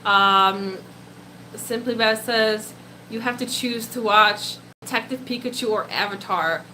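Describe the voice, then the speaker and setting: A woman's voice: mid-range voice, measured pace, pushed and bright, a little hiss or hum, rough recording. A young woman who grew up speaking Polish, chatting casually on a live stream and reading out viewer comments. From Poland. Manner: chatty, giggly, breaks into baby talk with her pet. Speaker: pet-keeping live streamer.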